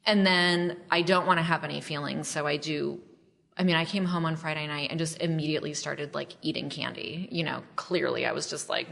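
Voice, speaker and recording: A low-sitting, creaky, a bit bright female voice with a steady tone and a slightly fast pace belongs to a memoir author on a podcast. She's chatty and self-deprecating in the casual interview, leaning on many fillers.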